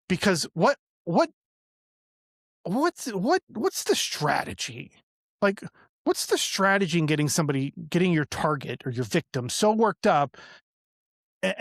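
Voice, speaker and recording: A man in a podcast, telling a personal story in a casual, animated way and acting out the lines of other people. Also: fairly high pitch, no room sound, clean studio sound. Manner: animated, acts out quoted lines with restarts. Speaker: podcast guest.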